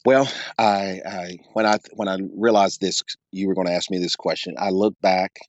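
A man counseling and coaching men, telling a personal story as an interview guest in a quick, animated way, repeating phrases as he goes. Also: deep voice, no room sound, muffled recording. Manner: animated, rapid storyteller who repeats phrases and addresses the host by name.

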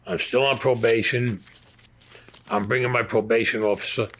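A man's voice: medium pitch, fairly even intonation, normal speed, fairly bright tone, a little hiss or hum. An older man, telling a story in a blunt, profane, streetwise way. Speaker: interviewee.

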